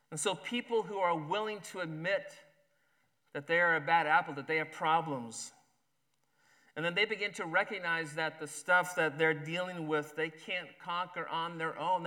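A man's voice: fairly high pitch, pushed and bright. A man preaching a sermon, then reading a story aloud and voicing its characters. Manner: reads a story aloud, acting out the characters' lines. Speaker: pastor.

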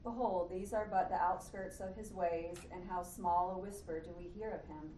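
A woman in a Bible class reading scripture aloud in a steady, even voice. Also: lowish voice, normal speed. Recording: echoey room, far from the mic, faint hum.

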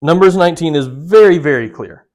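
A man's voice: on the high side, fairly quick, darkish tone. A man preaching a sermon, earnest and direct, putting questions straight to his listeners. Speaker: pastor.

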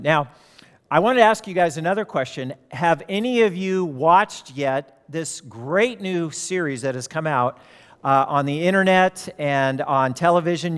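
A man's voice: on the high side, a bit bright, smooth, in a large hall. A man preaching a sermon as pastor, telling stories and acting out the voices of the people in them. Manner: storytelling, acts out quoted voices.

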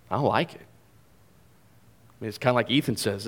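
A man preaching a sermon in a conversational, animated way, often repeating phrases for emphasis. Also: fairly low pitch, moderate pace, pauses often. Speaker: pastor.

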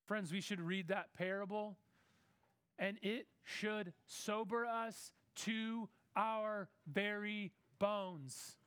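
A man preaching a sermon in a conversational way, acting out Bible characters in quick asides. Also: high voice, fairly even intonation, fairly bright tone, clean tone, dry recording.

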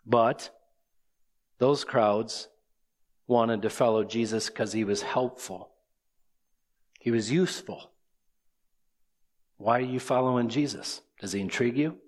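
Man preaching with rhetorical questions. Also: mid-range voice. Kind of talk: expository sermon.

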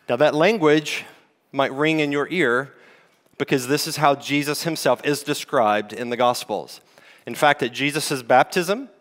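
A man preaching a sermon as lead pastor, teaching in a conversational way with rhetorical questions. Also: on the high side. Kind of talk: expository sermon. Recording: long hall reverb.

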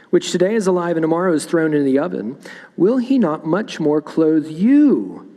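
A man's voice: a little high, vocal fry, warm tone, in a large hall. A man preaching a sermon in a church, reading scripture aloud and explaining it verse by verse. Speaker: pastor. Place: church sanctuary.

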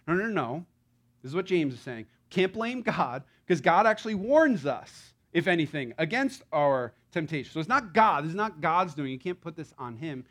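A male pastor delivers a sermon with an easy, conversational warmth, tossing in rhetorical questions and side stories. His voice sits a little high for a man, and his energy rises and falls as he leans into a point. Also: a little fast. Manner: conversational, animated preaching with asides.

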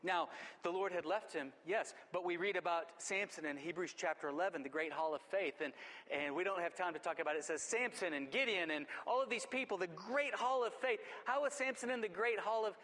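A man's voice: high-pitched, fairly quick, fairly bright tone, big-room sound. A man preaching a sermon in an earnest, conversational way, retelling scripture and reflecting on it. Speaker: pastor.

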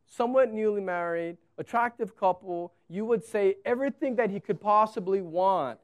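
A man in his thirties preaching a sermon as pastor, telling stories and acting out conversations with animated delivery. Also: high voice, normal speed. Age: 30s. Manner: animated storytelling, acts out dialogue.

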